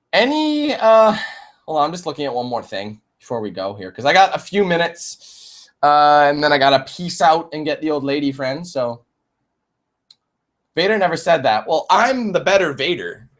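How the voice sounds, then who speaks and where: A man in his twenties chatting on a live-streamed Q&A, animated, swearing and laughing often. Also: fairly high pitch, moderate pace. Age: 20s. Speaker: YouTube gamer and streamer.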